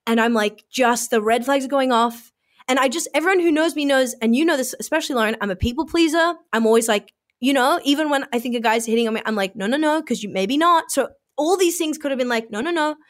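A young woman with a fairly high voice tells a story on a casual podcast. She is animated and says "like" often. She drops into a hushed voice when she quotes herself. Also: fast talker. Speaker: podcast co-host.

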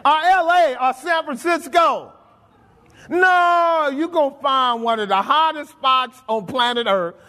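A pastor preaches a sermon in a church sanctuary, putting questions to his congregation and slipping into colloquial, folksy grammar. His voice is very high-pitched, pushed and bright. The long reverb of the church hall fills the recording.

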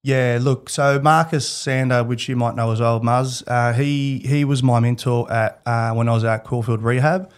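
A man with an Australian accent, a guest in an interview, telling personal stories in a candid, animated way and laughing as he goes. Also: mid-range voice, normal speed, hardly any pauses, clear, resonant tone. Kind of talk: casual storytelling.

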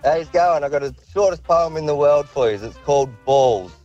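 A man's voice: a little high, fairly quick, darkish tone, lo-fi sound, faint music behind. A man phoning in to a radio show to tell a short joke, chuckling as he goes. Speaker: caller.

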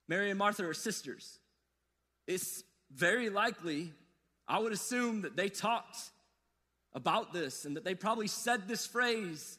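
Addressing his listeners directly, a pastor delivers an earnest sermon full of repetition, animated and at normal speed. His voice is high, bright and ringing, heard through a long hall reverb with faint soft music underneath.

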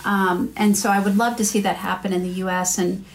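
A woman's voice: medium pitch, steady tone, fairly quick, vocal fry. An American woman chats as a podcast guest, telling stories at her own easy rhythm. She fills her talk with ums, restarts and little asides, in a voice that sits in a middle range. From United States. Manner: chatty storyteller, many fillers and restarts. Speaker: marketing executive guest. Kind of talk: casual podcast interview.

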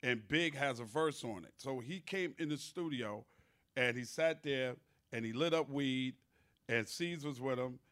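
A man hosting a podcast, telling studio stories in a loose, animated, profane way. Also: mid-range voice, a little slow. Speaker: podcast host. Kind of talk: casual storytelling chat.

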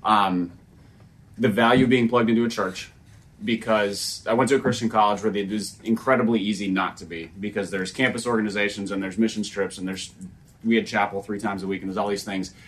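A man's voice: on the low side, fairly even intonation, a little fast. A man co-hosting a casual podcast chat. He is self-deprecating and stops and restarts his sentences often.

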